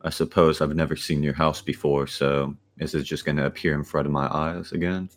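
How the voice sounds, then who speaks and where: A man's voice: a bass voice, little pitch movement, brisk, faint music behind. A man playing a tabletop game, wary and questioning. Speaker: player.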